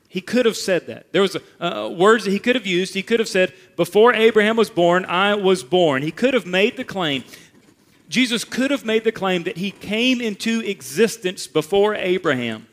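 Emphatic male preacher, slightly high voice. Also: fairly bright tone. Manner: emphatic, rises and drops for effect. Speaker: pastor. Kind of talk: sermon.

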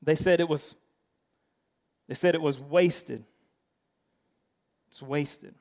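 A man's voice: a little high, takes it slowly, creaky, a little mellow, long reverb tail. A man preaching a sermon as pastor, in a conversational style with frequent restarts.

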